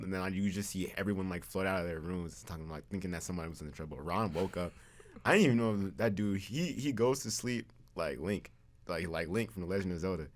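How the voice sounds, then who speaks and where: A teenage boy interviewing fellow students in a laid-back, teasing casual chat. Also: low-pitched.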